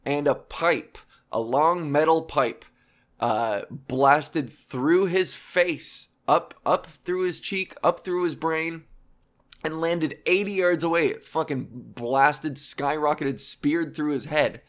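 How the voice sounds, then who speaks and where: A man's voice: fairly high pitch, slow pace, a bit bright. A young man hosting a casual explainer monologue, rambling and sarcastic, with profane asides. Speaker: video host.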